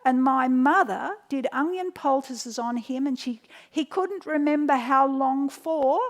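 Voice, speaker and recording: A woman's voice: high-pitched, unhurried. A middle-aged woman, teaching home remedies through chatty anecdotes with many restarts. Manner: storytelling, animated quotes, frequent restarts. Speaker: health educator.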